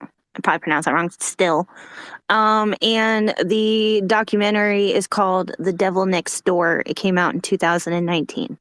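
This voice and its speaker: A woman's voice: mid-range voice, fairly even intonation, moderate pace, fairly bright tone, no echo. A young woman in casual chat, loose and swearing, filling with "like" and "um". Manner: loose, swears, says "like" and "bro".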